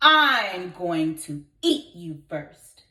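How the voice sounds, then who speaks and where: Woman plays a hungry bridge troll for a storybook: low, slow growl, menacing. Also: sing-song, sharp tone, reverberant, full character voice.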